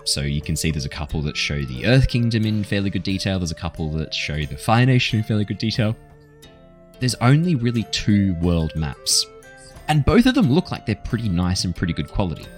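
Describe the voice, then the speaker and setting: A man narrating as game master in a tabletop game, relaxed and rambling, with fillers. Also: on the low side, fairly quick, soft background music.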